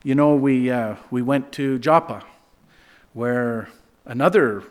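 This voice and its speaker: A man's voice: mid-range voice, takes it slowly. A middle-aged man preaching a sermon, telling a humorous travel story and laughing at his own jokes. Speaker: pastor.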